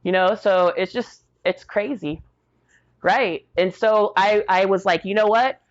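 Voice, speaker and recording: Animated, slangy woman veteran storyteller. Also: mid-range voice, slow pace, dull audio. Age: middle-aged. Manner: animated, acts out quoted voices, slangy. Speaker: military veteran guest. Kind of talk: casual storytelling in an interview.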